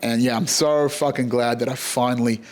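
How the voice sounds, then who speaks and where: An Australian man hosts his own show and tells a story in a loose, chatty way. He swears freely and gets animated, putting on little voices for the people in it. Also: mid-range voice, moderate pace. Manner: profane, animated, retells dialogue in voices. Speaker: podcast host. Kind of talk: casual storytelling.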